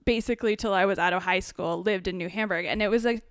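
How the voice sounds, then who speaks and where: A woman's voice: mid-range voice, quick pace, smooth, no echo. Woman guest, rambling and giggly, medium voice, dead-dry recording. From born in the United States, raised in Ontario, Canada. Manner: warm, giggly, rambling storyteller. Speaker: podcast guest. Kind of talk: casual interview conversation.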